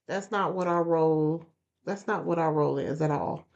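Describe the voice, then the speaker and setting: This deep-voiced woman speaks at a moderate pace with a slightly mellow quality. As host of a motivational podcast, she addresses listeners earnestly and leans on repetition for emphasis, captured in dull lo-fi sound.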